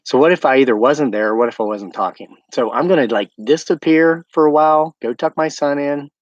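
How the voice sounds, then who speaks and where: A man's voice: a little high, brisk, no room sound, lo-fi sound. Chatty American man on a livestream. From United States. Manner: chatty, rambling, talks to live viewers. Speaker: homesteading livestream host. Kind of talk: casual livestream chat. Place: outdoors at night by his woods.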